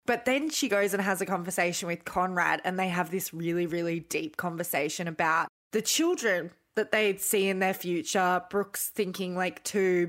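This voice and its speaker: A woman's voice: lowish voice, fairly bright tone. A woman co-hosting a podcast, telling stories in a chatty, earnest casual chat. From Australia. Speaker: podcast co-host.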